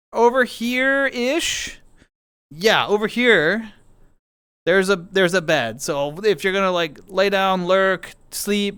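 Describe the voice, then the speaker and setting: A man's voice: high voice, pushed and bright, clear, resonant tone, no room sound, clean studio sound. A man streaming, chatting casually and rambling playfully to his viewers while playing a game. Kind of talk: casual chat with chat.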